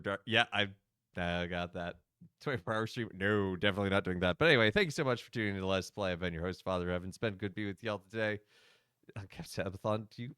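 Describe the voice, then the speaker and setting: Lively low-voiced man streaming a game. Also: no room sound, clean studio sound. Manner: chatty, laughs often, thanks chat. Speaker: priest hosting a game stream. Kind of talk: casual livestream gaming commentary.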